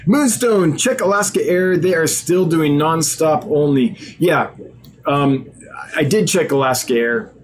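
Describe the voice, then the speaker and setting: A man's voice: a little high, measured pace, a little hiss or hum. A man with a somewhat raised voice hosts a live stream, reading out viewer names and chatting in a loose, casual way. He sounds tired and now and then trips over a word. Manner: reads usernames aloud, chatty, stumbles over words.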